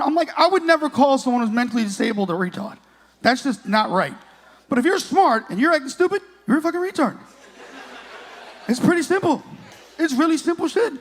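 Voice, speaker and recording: A man's voice: very high voice, a bit bright. A man in his late thirties doing a crude, profane stand-up comedy set on a comedy club stage, working the crowd. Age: 30s.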